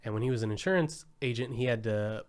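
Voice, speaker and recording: A man's voice: mid-range voice, quick pace, clear, resonant tone. Man animatedly retelling a film plot. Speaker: podcast co-host. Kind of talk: casual film chat.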